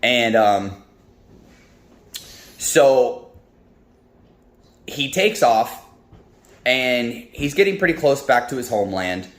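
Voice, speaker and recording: A man's voice: mid-range voice, expressive, slow pace, pauses often. A man casually retelling a Bible story in a devotional talk, rambling with many ums and restarts. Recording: roomy echo, faint music.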